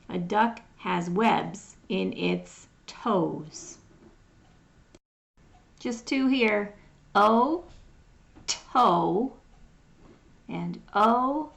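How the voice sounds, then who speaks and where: A woman teaching phonics, sounding out words one at a time in a patient, drawn-out way as she reads through a lesson. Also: mid-range voice, vocal fry. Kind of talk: slow phonics lesson reading.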